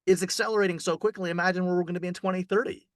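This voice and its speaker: A man reporting casually on a film festival, rambling with fillers and restarts and jumping up in pitch when excited. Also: racing, no room sound, clean studio sound.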